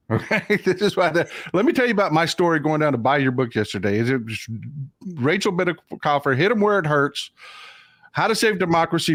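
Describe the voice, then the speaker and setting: A man hosting a casual livestream show, telling stories with lively impressions of the people in them. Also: a little high, no echo, studio quality. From Texas. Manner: animated storyteller, mimics people in raised voices. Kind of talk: casual chat.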